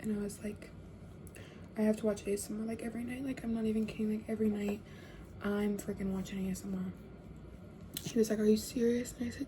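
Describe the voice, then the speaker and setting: A young woman telling a casual storytime, chatty and full of fillers, often dropping to hushed tones. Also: mid-range voice, little pitch movement, fast talker, long pauses, noisy background.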